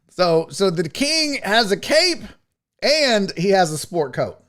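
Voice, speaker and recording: Loud animated profane sports host. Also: male voice, high voice, slow pace. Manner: animated, profane, teasing the chat. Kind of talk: profane casual livestream chat.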